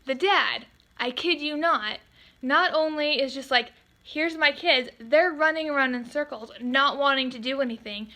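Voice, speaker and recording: A woman photographer telling a storytime vlog, animated and exasperated, quoting customers in quick voices. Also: high-pitched.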